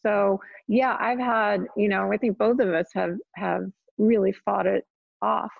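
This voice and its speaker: A woman with a gravelly voice talks casually and chimes in often during an interview. The sound is dry and close, with a dull, muffled tone. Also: medium pitch, fairly even intonation, dry recording. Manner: chatty, quick to chime in. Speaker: guest.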